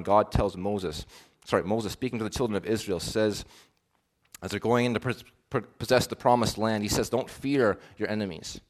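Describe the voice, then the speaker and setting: Male preacher, sermon delivery, somewhat low voice, earnest, builds to emphatic peaks then drops soft.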